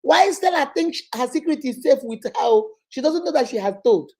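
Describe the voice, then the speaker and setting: A woman's voice: high-pitched, expressive, moderate pace, darkish tone. A Nigerian woman hosting a casual advice session, talking animatedly and laughing often as she acts out phone calls. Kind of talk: casual live advice chat.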